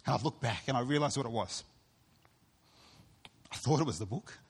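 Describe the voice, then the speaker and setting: A man's voice: medium pitch, expressive, moderate pace, slightly rough. A man preaching a sermon as pastor, earnest and storytelling, acting out what other people said. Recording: long hall reverb.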